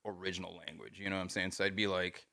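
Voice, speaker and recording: A man's voice: low voice, little pitch movement, quick pace, gravelly, sharp tone. A man co-hosting a casual podcast chat, explaining things at length with lots of "you know" and "like". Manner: explains at length with many fillers. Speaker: podcast co-host.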